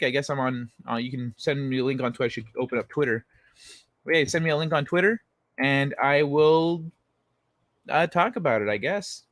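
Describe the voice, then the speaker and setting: A man in casual late-night chat with his viewers, easygoing and quick to swear or chuckle. His voice sits a little higher than most men's. The sound is close and dry, with no room echo. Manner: laid-back, swears freely, chuckles while reading chat. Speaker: livestream host.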